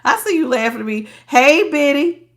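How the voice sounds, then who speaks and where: Stuffed-up lady doing a live tarot reading, kinda high voice, blunt and preachy, lots of slang, says hi to chat. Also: animated, normal speed, fairly bright tone. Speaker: tarot reader.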